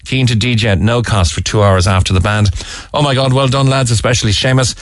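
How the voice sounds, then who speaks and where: A man's voice: mid-range voice, fairly even intonation, brisk, dry recording. A man with a Cork accent presenting talk radio in a studio, earnest, with many "uh" fillers as he reads out listener texts. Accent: Irish, Cork. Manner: earnest, with frequent "uh" fillers and restarts. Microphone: studio microphone.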